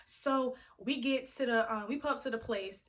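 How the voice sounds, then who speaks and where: A teenage girl telling a storytime vlog in a chatty, animated way, full of fillers and acted-out quotes. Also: fairly high pitch, moderate pace, a little hiss or hum. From Liberian family. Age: teens. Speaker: vlogger.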